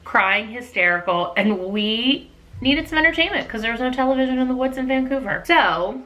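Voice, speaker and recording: A middle-aged woman and mother, telling a family story in a casual, animated vlog style. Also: on the high side, normal speed. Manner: lively, animated, laughing storyteller.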